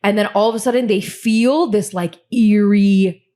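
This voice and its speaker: Animated woman retelling a story. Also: on the high side, brisk. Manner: animated storyteller who acts out the characters' lines; chatty, calls the listener "girl". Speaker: podcast co-host. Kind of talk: casual chat retelling a book plot.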